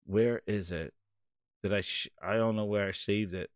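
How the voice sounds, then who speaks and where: A man hosting a live stream, talking in a rambling, excitable way with casual swearing. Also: fairly low pitch, normal speed, no room sound, clean studio sound. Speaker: host.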